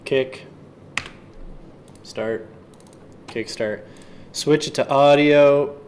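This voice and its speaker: A man's voice: mid-range voice, fairly even intonation, extremely slow, darkish tone, slight background noise. A man livestreaming while he produces music, talking to himself and his chat in a loose, offhand way and swearing now and then. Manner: chatty running self-talk, swears offhand.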